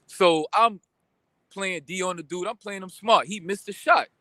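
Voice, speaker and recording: A young man telling a story in a casual vlog rant, animated and full of slang, venting about a pickup game. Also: high-pitched, measured pace, no room sound. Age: young adult. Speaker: vlogger.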